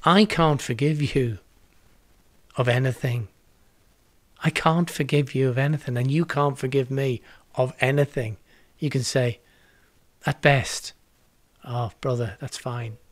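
A man's voice: mid-range voice, steady tone, measured pace, long pauses, no echo. A man in his sixties preaching a home video sermon, earnest and reflective, repeating words for emphasis. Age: 60s. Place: home setup with green screen.

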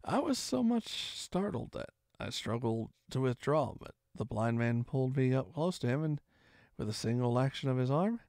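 A man reading a classic adventure novel aloud in expressive first-person narration. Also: mid-range voice, moderate pace, vocal fry, no echo, clean studio sound. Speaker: storyteller.

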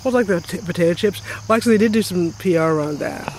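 A woman's voice: fairly low pitch, quick pace, a little mellow, slight background noise, poor audio. A woman co-hosting a casual podcast chat in a chatty, playful way. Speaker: podcast co-host. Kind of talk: casual conversation.

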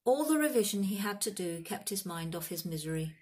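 A woman narrating a children's fantasy book in a steady, expressive reading voice. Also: medium pitch, a little fast. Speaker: audiobook reader. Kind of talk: storybook narration.

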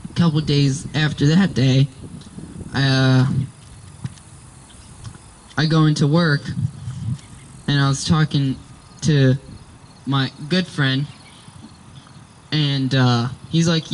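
A man's voice: a little high, takes it slowly, long pauses, a little hiss or hum, low-quality recording. A young man telling a rambling, exasperated story about work in a casual vlog. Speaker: vlogger.

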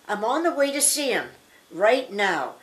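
Woman doing a storybook little girl, earnest, higher voice. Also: big pitch swings, a little slow. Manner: earnest, exclaiming. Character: young girl, brave and kind.

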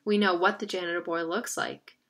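A woman reading a novel aloud as narrator. Her tone is bright and crisp. The delivery is steady and expressive. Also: lowish voice, a little fast. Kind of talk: audiobook reading.

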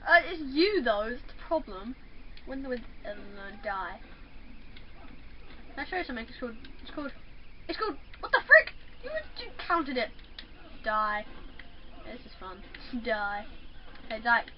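A woman giving excitable let's play commentary while playing a fighting game, chattering, yelping and taunting. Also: on the high side, measured pace, long pauses. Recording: muffled lo-fi with faint hiss.

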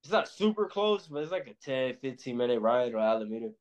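A man's voice: medium pitch, big pitch swings, brisk. A young man from Los Angeles, a pro boxer, chatting casually in an interview in a laid-back, slangy way. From Los Angeles, USA. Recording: muffled lo-fi sound.

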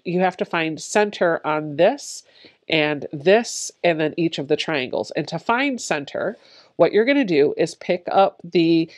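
A woman's voice: fairly low pitch, darkish tone. A woman giving a step-by-step quilting tutorial, explaining each step plainly in a friendly, encouraging way. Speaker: quilting instructor.

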